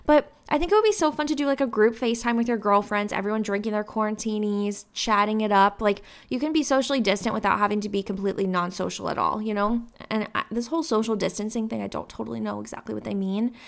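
A woman's voice: mid-range voice, fast, gravelly, hardly any pauses. A woman in her twenties hosting her own podcast, rambling in a casual, upbeat way with lots of fillers. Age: 20s. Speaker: podcast host. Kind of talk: casual solo podcast talk.

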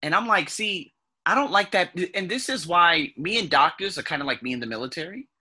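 A man casually telling a personal story on his vlog, animated and swearing freely, sometimes mimicking sounds. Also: on the high side, a little fast, breathy edge. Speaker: vlogger.

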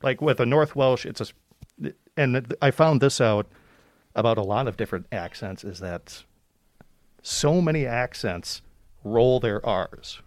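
A man's voice: medium pitch, expressive, unhurried, no room sound. A man who narrates audiobooks, casually explaining his methods in an easygoing, lightly profane way. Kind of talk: casual interview chat.

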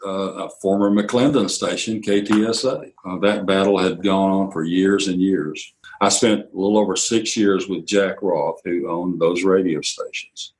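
An older man, a radio executive telling anecdotes in an interview, quoting others in lively bursts. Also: sits low, poor audio. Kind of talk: storytelling interview.

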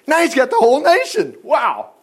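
A man with a high voice that swings widely up and down leads a casual Bible lesson. He talks in a folksy, chatty way, breaking off for asides and firing rhetorical questions at his listeners. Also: huge pitch swings, moderate pace. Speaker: Bible teacher.

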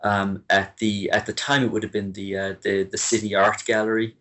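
A man from Limerick with a softened Irish accent, chatting as an interview guest, hesitant with many restarts and fillers. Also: fairly low pitch, flat delivery, normal speed, a little hiss or hum. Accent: Irish, softened by years abroad. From Ireland, Limerick. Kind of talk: casual interview chat.

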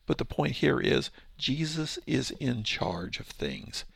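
A man's voice: medium pitch, lively intonation, slow, gravelly, fairly bright tone, breathy edge, no room sound. A man giving a casual verse-by-verse Bible teaching, explaining with rhetorical questions and his own paraphrases.

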